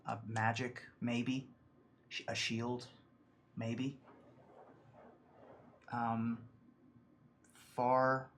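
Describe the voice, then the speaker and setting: A man runs a tabletop game as dungeon master, narrating in a halting, searching way full of fillers. His voice sits in a middle register, with a faint hiss behind it. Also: mid-range voice, a bit bright.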